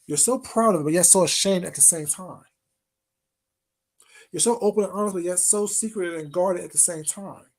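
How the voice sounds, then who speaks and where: Sarcastic vlogger calling someone out; mid pitch, taunting, drawls "baby" and "sweetheart". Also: fairly quick, a little mellow. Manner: asks pointed rhetorical questions again and again. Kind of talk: confrontational call-out rant.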